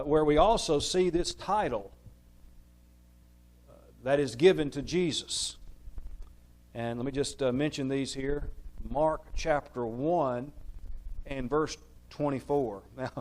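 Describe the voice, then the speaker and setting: A man's voice: medium pitch, a little mellow, poor audio. A man preaching a sermon in a church, stressing key words one by one and asking the audience questions, then answering them himself.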